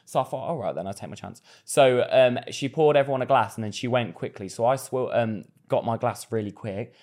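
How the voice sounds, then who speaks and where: A man co-hosting a podcast, telling gossipy stories and acting out quotes. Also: medium pitch. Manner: fast, animated gossipy storyteller doing quotes. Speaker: podcast co-host. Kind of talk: casual chat.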